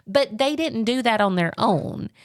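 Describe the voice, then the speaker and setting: A woman, co-hosting a casual marriage podcast, telling stories animatedly and acting out quotes in a high voice. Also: unhurried, dry recording, studio quality. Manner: animated storyteller, acts out quotes in a high voice, laughs often. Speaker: podcast co-host.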